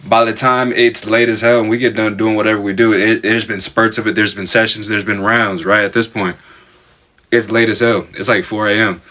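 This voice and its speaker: A man's voice: fairly low pitch, level tone, normal speed, bright, forceful tone. A man telling a personal story casually to camera, chatty and stammering. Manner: chatty, repeats "bro", stammers.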